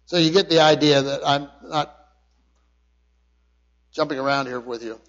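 A man's voice: on the high side, steady tone, normal speed, fairly bright tone. A male pastor preaching a sermon, emphatic, often restarting his words as he explains a passage. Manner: emphatic preaching with frequent restarts and word study. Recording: dull sound with long hall reverb.

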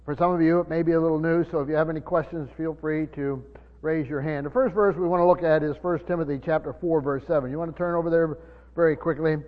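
A man preaching a sermon, teaching from the Bible in a halting way with many fillers and restarts, slowing down to stress key words. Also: a little high, fairly even intonation. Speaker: pastor. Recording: muffled sermon recording in a reverberant hall.

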